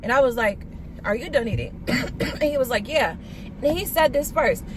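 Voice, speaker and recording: A woman's voice: normal speed, slight background noise. A young woman vlogging, telling a date story in casual slang, gushing and quoting herself in squeals, with a cough. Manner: animated, gushing, quotes herself in high squeals. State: coughing, under the weather.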